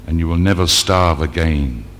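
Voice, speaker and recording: A man on stage voicing a pompous government official making slow, grand promises. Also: extremely low pitch, fairly bright tone. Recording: live hall with long reverb.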